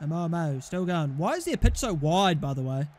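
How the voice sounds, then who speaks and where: A man's voice: on the high side, very animated, normal speed, a little mellow. A young man casually commentating his football management game, swearing and exasperated at missed chances. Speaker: gaming YouTuber.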